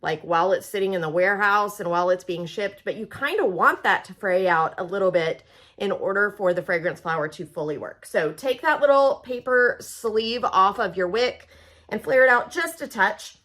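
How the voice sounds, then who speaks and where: Talking to her audience like old friends, this Oklahoma woman runs through a laid-back product demonstration. Her voice is mid-range and a bit bright, at a normal speed, with a chatty, folksy manner.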